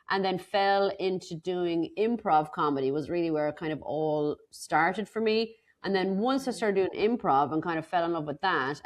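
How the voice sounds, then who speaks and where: An Irish woman, a stand-up comedian, chatting in a podcast interview with playful, self-deprecating humour and rambling stories. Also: fairly low pitch. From Ireland. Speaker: stand-up comedian and club host.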